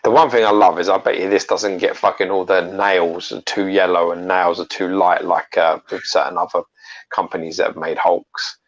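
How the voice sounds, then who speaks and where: A man's voice: sits low, flat delivery, normal speed. A man co-hosting a casual chat, blunt and swearing often. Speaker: co-host. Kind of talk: casual chat about collectible statues. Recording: dull lo-fi audio.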